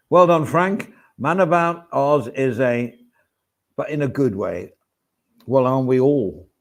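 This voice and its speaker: A man's voice: mid-range voice, expressive, takes it slowly, long pauses. A man hosting a casual vlog, rambling along with wry asides. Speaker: vlog host. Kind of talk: casual chat to camera. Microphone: swaps between mics.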